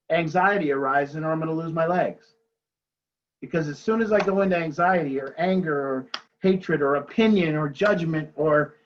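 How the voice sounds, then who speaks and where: Man on a video call leading a recovery group, reflective, husky, muffled sound. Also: a little high. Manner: reflective, repeats "you see?". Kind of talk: spiritual recovery talk. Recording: dull lo-fi video call audio.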